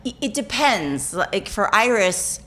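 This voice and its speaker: A woman's voice: mid-range voice, very animated, slow pace, sharp tone. A woman actor, a guest in a casual interview, telling rambling stories with frequent restarts and laughs. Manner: rambling, self-correcting, laughing storyteller.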